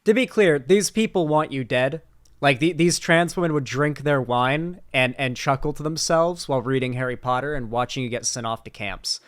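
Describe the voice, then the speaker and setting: A man's voice: mid-range voice, normal speed, no echo, studio quality. A young man hosting a political commentary channel, talking in a blunt, mocking, profane manner. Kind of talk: casual online commentary.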